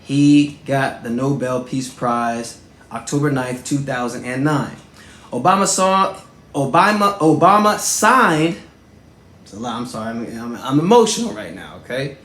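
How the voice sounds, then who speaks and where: A man in his thirties hosting and telling personal stories in a casual, animated way, with lots of shout-outs and fillers. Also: mid-range voice, normal speed, reverberant. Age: 30s. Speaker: host.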